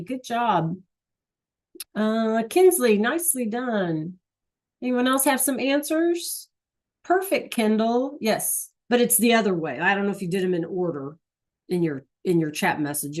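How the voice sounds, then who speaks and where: A woman's voice: a little high, darkish tone. Friendly middle-aged teacher, woman, online class, keeps checking in with students. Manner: chatty, encouraging, frequent "right?" checks. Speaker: Spanish teacher. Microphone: video call.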